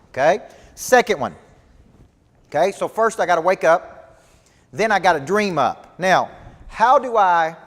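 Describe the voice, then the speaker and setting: A man, a business coach giving a motivational speech to a live audience, emphatic and repetitive. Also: a little high. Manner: emphatic, repetitive rallying delivery. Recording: long hall reverb.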